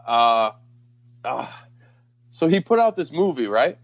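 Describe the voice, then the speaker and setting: A man's voice: medium pitch, sing-song, slow pace. Guy hosting a podcast, cussing nonstop, rambly and laughy. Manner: rambling, swears a lot, laughs often. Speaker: podcast host. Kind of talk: casual profane chat.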